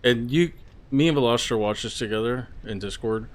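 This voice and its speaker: A man's voice: mid-range voice, normal speed, slight background noise. A male streamer giving casual live-stream commentary, chatty and swearing as he reacts to viewers.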